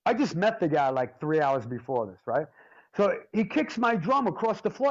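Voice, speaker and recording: A man, a drummer being interviewed, telling stories in a casual, animated and jokey way and swearing freely. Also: sits high, normal speed, highs cut off. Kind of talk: casual storytelling.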